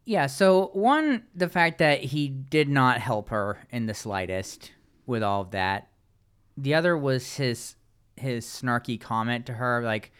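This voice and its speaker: A man co-hosting a podcast, chatting casually and sarcastically about a reality show, with halting restarts. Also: medium pitch, a bit bright, smooth. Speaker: podcast co-host. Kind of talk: casual podcast recap chat.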